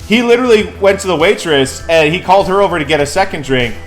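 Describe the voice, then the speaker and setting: A rowdy male streamer talks over his game in a slightly raised voice, peppering his talk with swearing. He rambles through a story between moves. Soft music plays underneath. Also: high-pitched, expressive, fast talker. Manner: rowdy, profane storytelling with laughs. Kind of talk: casual live-stream chat.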